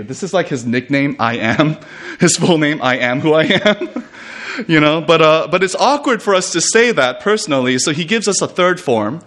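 A man delivers a retreat sermon at a normal speed, his voice sitting a little high. He reads scripture and explains it with animation, frequently laughing and starting his sentences over.

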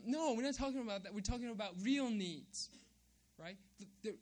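Male pastor, high voice, emphatic sermon delivery, repeats phrases, asks "right?" a lot. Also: animated, moderate pace.

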